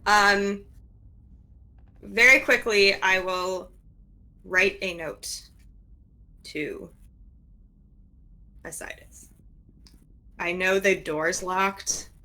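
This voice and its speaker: A woman takes her turn in a tabletop game, thinking aloud about her move. She speaks slowly with a bright tone. She hesitates and circles back as she talks. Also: medium pitch, fairly even intonation, poor audio. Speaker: player.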